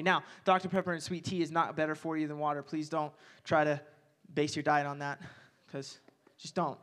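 High-voiced young man preaching casually. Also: moderate pace. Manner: energetic, joking asides, repeats phrases. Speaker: youth pastor. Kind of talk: casual sermon.

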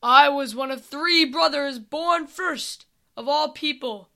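A woman's voice: high voice, takes it slowly, sharp tone, exaggerated voice. A woman reading a cold ice-king villain. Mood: menacing. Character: icy king, cold and menacing, male.

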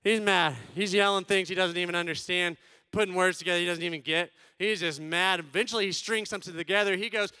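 A man in his thirties doing stand-up, telling stories as a father and acting out loud quotes between hushed asides. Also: sits high, fairly even intonation, fast, smooth, dry recording, studio quality. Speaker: stand-up comedian. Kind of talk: stand-up storytelling.

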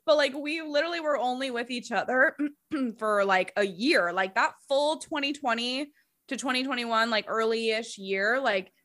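Chatty bright young woman. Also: on the high side, normal speed. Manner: chatty, filler-heavy, laughs often. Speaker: podcast co-host. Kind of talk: casual podcast chat.

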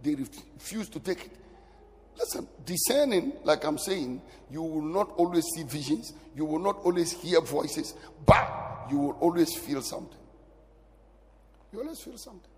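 Animated preacher in an echoing hall. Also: male voice, a little high, normal speed. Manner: animated preaching, sudden loud rises and drops to near whisper. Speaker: pastor. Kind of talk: sermon. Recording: long hall reverb.

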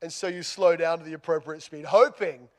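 This man's voice is fairly high, and he talks fairly quickly with an Australian accent. Within a sermon he recounts a humorous, self-deprecating story, lively and marked by large shifts in loudness.

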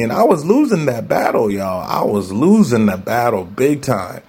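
A man's voice: medium pitch, very animated, moderate pace, gravelly, hardly any pauses, darkish tone, breathy edge. A man hosting a talk show, speaking candidly and conversationally, repeating himself for emphasis and laughing often. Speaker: host. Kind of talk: solo talk show monologue.

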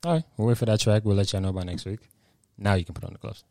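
Laid-back low-voiced man hosting. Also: very fast, a little mellow, no echo. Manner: easygoing, slangy, introduces topics and games. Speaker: podcast co-host leading segments. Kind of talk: casual podcast chat.

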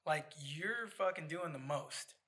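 A man hosting a casual podcast chat, profane and animated, hyping up his guests. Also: fairly high pitch, measured pace. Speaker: podcast host.

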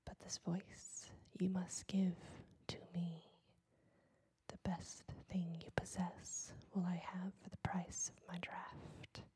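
A woman's voice: lowish voice, little pitch movement, slow pace, mellow, breathy edge, heavily acted. A woman voicing a cruel, scheming sea witch in a whispered role-play, cold and mocking. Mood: mocking menace.

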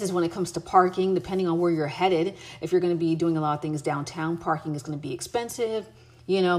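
A woman's voice: lowish voice, a little mellow. An American woman giving travel tips in a casual, chatty way, with many fillers and restarts. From United States. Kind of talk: casual advice chat.

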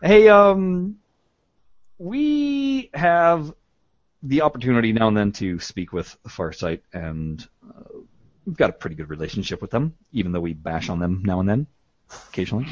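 A man hosting a podcast in casual chat. He is chatty, laughs often and fills his pauses with "uh". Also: on the low side, expressive, no room sound, dull audio. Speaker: podcast host.

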